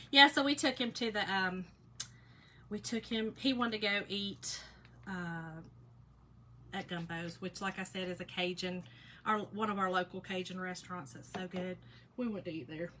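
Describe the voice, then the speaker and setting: A middle-aged woman talks casually to her livestream viewers as she works on a craft at the table. Her voice is bright and clear, with a chatty, down-home manner. A faint hiss sits under the recording. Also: fairly low pitch, a little slow, long pauses.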